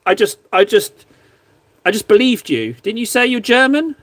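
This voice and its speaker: English man, casual livestream host, slightly high voice, rambling and self-mocking, dry close mic. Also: very animated, moderate pace, a bit bright, no room sound. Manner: rambling, self-deprecating, joking. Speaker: livestream host painting miniatures.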